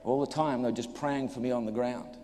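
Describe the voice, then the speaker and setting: New male preacher, comic testimony storyteller, mid pitch, echoey hall sound. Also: brisk. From New Zealand. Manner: animated storyteller, acts out voices, jokes with audience. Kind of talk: humorous sermon testimony.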